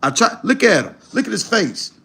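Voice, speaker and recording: Blunt, profane older streamer. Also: male voice, sits high, very animated, moderate pace, creaky, pushed and bright, breathy edge. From Mississippi, USA. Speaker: live stream host. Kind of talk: live commentary reacting to clips.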